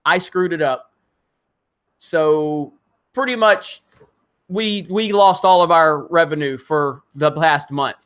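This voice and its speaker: This man's voice is fairly high, fairly bright, clear and resonant, and he speaks slowly with frequent pauses. Hosting a casual live stream, he reads viewer comments and rambles in frustration, restarting often, using fillers and swearing when angry.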